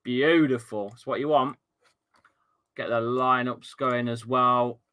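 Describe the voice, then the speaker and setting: A young man live-streaming a football watchalong, commentating as a fan, moving between grumbling asides and excited shouting. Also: mid-range voice, slow pace, smooth.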